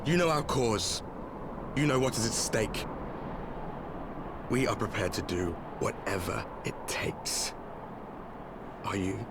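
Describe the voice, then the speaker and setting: An actor playing a grim masked male warrior from another world, speaking in a solemn, archaic, measured way. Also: fairly low pitch, expressive, heavy background noise. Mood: grave. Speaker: villain. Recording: game cutscene with loud score. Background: orchestral game music.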